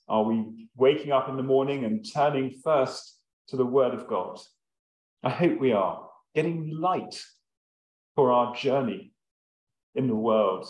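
A man preaching a sermon, reading scripture and then explaining it in a slow, measured way with long pauses and the odd um. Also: mid-range voice, reverberant, rough recording.

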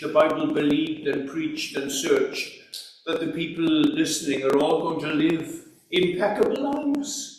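A man delivers a sermon at a slow, deliberate pace, earnest and emphatic, leaning on rhetorical questions. His voice sits a little high for a man. The recording is strongly echoey and picked up from some distance. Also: slight background noise. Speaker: preacher. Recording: echoey hall recorded from far off.

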